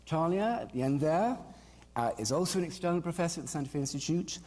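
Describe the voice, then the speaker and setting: A man's voice: a little high, lively intonation, fast, a little mellow. A man moderating a panel on stage, introducing the guests in a loose, chatty way with many fillers. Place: stage in a large hall. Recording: long hall reverb.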